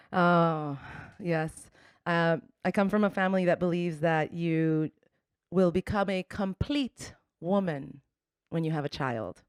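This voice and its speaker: A woman's voice: lowish voice, measured pace, clean tone, dry recording, studio quality. Brash woman doing stand-up. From Colombia. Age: 40s. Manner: brash, bawdy, punchy. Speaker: stand-up comedian. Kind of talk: stand-up comedy set.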